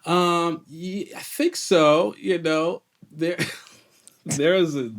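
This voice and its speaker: A man's voice: fairly high pitch, very slow. A man from Chicago, a guest actor, telling stories in a casual interview, laughing often and restarting his sentences. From Chicago, USA. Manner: laughs often, animated storyteller with many restarts.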